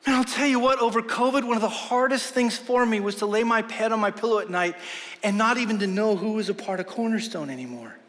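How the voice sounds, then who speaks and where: Speaking fast in a high, slightly bright voice, this man delivers a sermon as pastor, emphatic and sincere, and pokes fun at himself along the way. The church sanctuary's large hall lends a long reverb.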